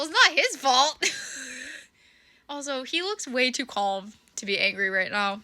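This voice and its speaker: A woman's voice: high-pitched, lively intonation, unhurried, bright, forceful tone, soft background music. A woman giving casual reaction commentary, chatty and sarcastic, who swears and laughs often. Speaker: reaction video creator. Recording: noticeable background noise.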